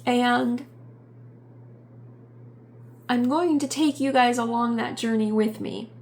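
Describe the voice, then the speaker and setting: A middle-aged woman giving a personal vlog update, talking in a halting, reflective way with many pauses and fillers. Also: fairly high pitch, darkish tone, a little hiss or hum. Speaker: YouTube channel host.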